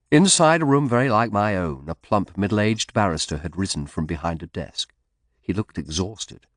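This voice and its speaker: A man narrating a historical mystery audiobook in a measured, expressive storytelling manner, close to the mic. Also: on the low side, no room sound.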